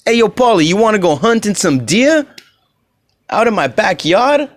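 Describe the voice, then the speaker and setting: A man voicing a brash Italian-American man from the country, with a loud, high, mobster-style drawl. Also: big pitch swings, normal speed.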